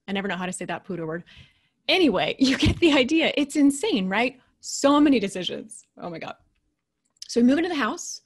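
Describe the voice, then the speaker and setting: Woman giving an animated, storytelling motivational talk. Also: on the high side, a little fast, husky. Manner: conversational and animated, dropping to quiet, hushed asides. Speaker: keynote speaker and leadership coach.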